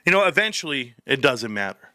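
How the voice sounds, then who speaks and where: A man's voice: medium pitch, very animated, fairly quick, pushed and bright, no room sound, studio quality. A man hosting a casual live stream, joking, rambling and swearing freely as he talks to viewers by name.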